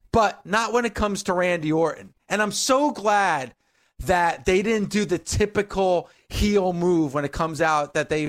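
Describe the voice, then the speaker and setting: A man co-hosting a wrestling podcast, ranting emphatically and with swearing in casual chat. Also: high voice. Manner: emphatic, profane, animated ranting.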